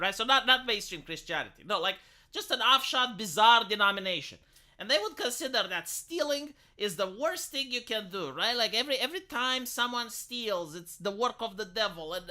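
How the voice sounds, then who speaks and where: A man holds forth on his live stream in a sharp, bright voice. His pitch leaps around as he rambles, tosses off sarcastic asides and swears without a second thought. It sounds like loose, opinionated late-night chat.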